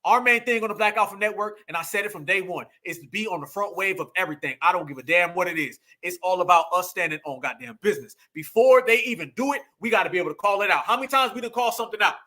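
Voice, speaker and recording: Man, emphatic preachy host, repeats lines for punch, high bright voice. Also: fast talker, hardly any pauses. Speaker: political commentary host. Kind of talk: fired-up political monologue.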